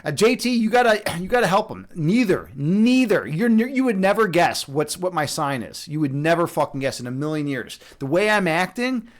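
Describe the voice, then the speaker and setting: This livestream host, who also teaches meditation, is a young man whose voice sits on the high side. His intonation is lively and his delivery brisk with few pauses, and his chat with viewers wanders through absurd jokes, fillers and false starts.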